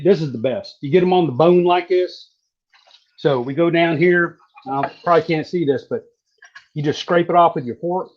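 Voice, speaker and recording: A man from southeastern Virginia, chatting casually while demonstrating how to fry catfish. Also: fairly high pitch. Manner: folksy, relaxed, drawling. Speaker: cooking guest. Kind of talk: casual cooking demo on a live stream. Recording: dull lo-fi stream audio.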